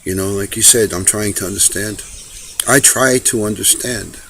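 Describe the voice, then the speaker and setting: A man's voice: fairly low pitch, normal speed, fairly bright tone, slight background noise. A man speaking an earnest personal message to a friend, impassioned and preachy, often repeating himself.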